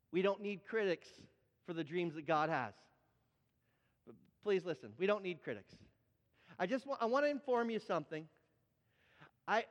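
A man preaching a sermon, telling stories with animated energy and often repeating words as he builds up. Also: high voice, long reverb tail. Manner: animated storytelling, repeats words when excited. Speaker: pastor.

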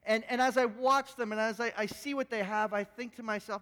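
A male pastor delivers a sermon in a fairly high voice, telling a story with frequent restarts and repeated words. His speech echoes with the long reverb of a church hall. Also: steady tone, a little fast, bright, forceful tone. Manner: storytelling, repeats words as he talks, self-deprecating.

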